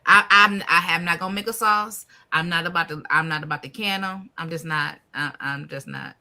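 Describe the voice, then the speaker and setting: A woman hosts a relaxed garden chat, her voice bright and forceful, pitched a touch low. She drawls through homespun slang and laughs easily. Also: moderate pace. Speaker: podcast host. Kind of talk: casual chat.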